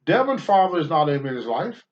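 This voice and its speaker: Blunt, profane older man, lively high voice. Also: normal speed. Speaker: guest, former pro wrestler. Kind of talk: candid talk-show storytelling. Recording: dull lo-fi sound.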